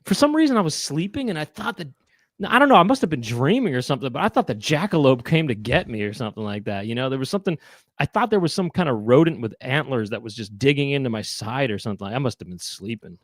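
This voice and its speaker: A man's voice: medium pitch, animated, quick pace, dry recording. A man hosting a chat show, meandering through stories with many "you know"s and "um"s. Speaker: host. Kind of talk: casual chat.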